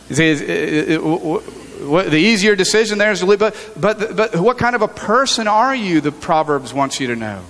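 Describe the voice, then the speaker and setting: Male pastor, fairly high voice, earnest conversational sermon, church hall reverb. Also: lively intonation, normal speed, few pauses, fairly bright tone. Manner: earnest, conversational preaching with frequent restarts. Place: church sanctuary.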